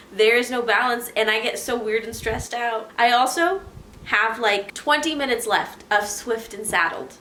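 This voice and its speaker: Chatty young woman, bright and candid. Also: fairly high pitch, fairly quick, echoey room, a little hiss or hum, poor audio. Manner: candid, animated, self-deprecating. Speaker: vlogger. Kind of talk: casual chat to camera. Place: home living room.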